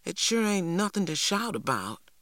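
A woman reading aloud voices a spirited, impatient young girl, speaking high and eager. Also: big pitch swings, moderate pace, a bit bright, no room sound. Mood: grumbling. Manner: eager, pushy, higher-pitched.

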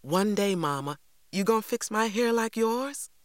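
A man's voice: sits high, lively intonation, moderate pace, dry recording, voice pushed up. A man voicing a spirited young girl in a storybook, impatient and proud, with eager exclaimed questions.

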